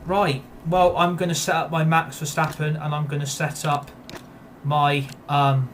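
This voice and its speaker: A man's voice: a little high, level tone, unhurried, fairly bright tone, slight background noise. Fuming man ranting over a game. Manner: furious, repetitive, swearing. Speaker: gaming YouTuber. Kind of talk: angry gameplay rant.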